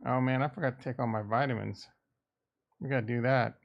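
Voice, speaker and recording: A man's voice: mid-range voice, fairly even intonation, a little fast, gravelly, highs cut off. A man from the American Midwest, casually streaming about markets, rambling and irreverent as he thinks aloud. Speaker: crypto and stock market streamer. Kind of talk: casual livestream chat.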